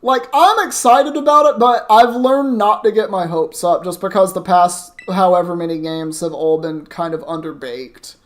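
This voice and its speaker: A young adult streamer, playing a Pokemon challenge run, rambles through casual let's-play commentary and swears now and then. The voice is medium-pitched and steady, at normal speed with few pauses.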